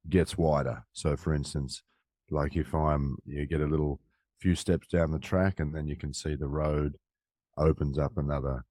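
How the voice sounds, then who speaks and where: A man's voice: a bass voice, warm tone, no echo, studio quality. A middle-aged Australian man in casual conversation, talking reflectively and loosely with many restarts. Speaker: musician guest and co-host.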